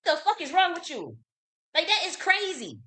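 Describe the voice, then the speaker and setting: A woman's voice: very high-pitched, wildly swooping pitch, normal speed, bright, forceful tone. A woman, hosting her own channel, ranting casually, profane, repetitive and indignant. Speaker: channel host. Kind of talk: heated casual rant.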